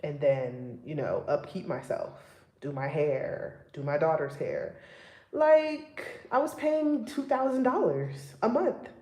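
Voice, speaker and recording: A young woman and single mom chatting casually with her viewers, emphatic and getting loud and exasperated when she vents. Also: sits low, lively intonation, takes it slowly, roomy sound. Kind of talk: casual livestream chat.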